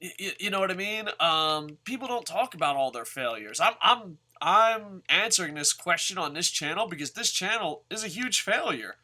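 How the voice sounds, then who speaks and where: A man's voice: high voice, lively intonation, normal speed, few pauses, sharp tone. A man hosting his own channel, talking casually and rambling with frequent stammers and restarts. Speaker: channel host. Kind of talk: casual monologue.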